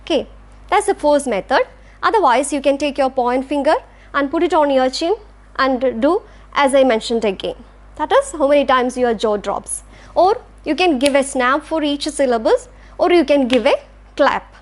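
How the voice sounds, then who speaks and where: A woman's voice: high-pitched, expressive, normal speed. A woman with an Indian English accent, teaching a lecture and patiently sounding out words syllable by syllable. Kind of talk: classroom lecture.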